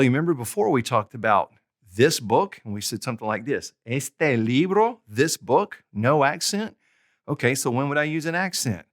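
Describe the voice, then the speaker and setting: A man's voice: medium pitch, a bit bright. A man teaching a casual, chatty video lesson, talking straight to his viewers in an upbeat way. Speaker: language tutor.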